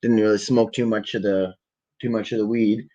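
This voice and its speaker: A young man from the Ottawa area telling a long, profane story in a relaxed, rambling way to a camera at home. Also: on the low side, normal speed. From Ottawa area, Canada. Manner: rambling, profane, laid-back. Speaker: vlogger. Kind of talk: casual storytelling. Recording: dull lo-fi webcam audio.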